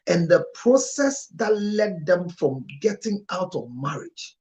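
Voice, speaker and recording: Male counselor, emotional monologue, sudden loud high outbursts, near tears. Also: expressive, a little slow. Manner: emotional, with sharp rises in pitch and loudness. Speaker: marriage counselor.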